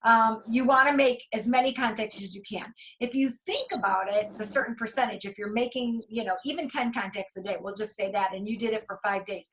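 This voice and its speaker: An enthusiastic woman leading a casual team training over a video call, talking through numbers out loud. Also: fairly high pitch, low-quality recording.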